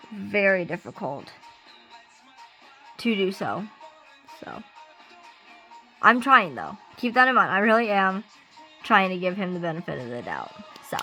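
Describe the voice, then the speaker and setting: Woman vlogger, bright lively voice, chatty rant over faint background music. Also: mid-range voice, low-quality recording. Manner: animated, ranting, many fillers. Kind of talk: casual rant while doing makeup. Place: at home getting ready. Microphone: camera she sets up herself.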